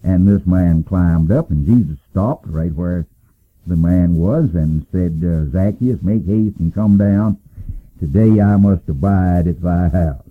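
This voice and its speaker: Older man, Bible teacher, folksy conversational talk, husky voice, tinny phone-like radio sound. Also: sits low, slow. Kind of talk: informal Bible lesson.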